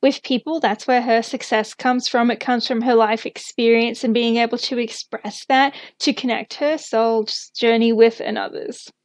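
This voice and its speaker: A woman's voice: on the high side, fairly even intonation, normal speed, few pauses, no echo. A young woman giving a casual tarot reading, thinking aloud with lots of fillers and small laughs. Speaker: tarot reader.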